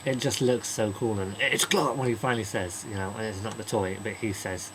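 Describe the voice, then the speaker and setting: Chatty, rambling man with a low voice. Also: fairly even intonation, a bit bright, slight background noise, poor audio. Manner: chatty and rambling, mimics characters in quick asides. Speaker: movie reviewer. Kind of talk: casual spoken film review.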